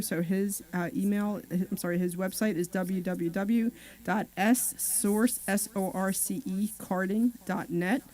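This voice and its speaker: A woman's voice: medium pitch, warm tone. A woman co-hosting a talk radio show, chatting and reading sponsor numbers and websites. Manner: chatty, reads out sponsor details. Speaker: radio co-host.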